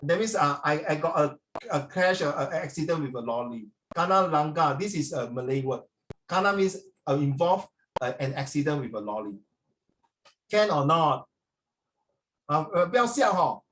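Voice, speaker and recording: A Singaporean man leads a social studies lesson in a classroom, lively and joking with his students. He slips between English and Mandarin and mimics everyday Singlish phrases to make his point. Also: a little high, fairly quick.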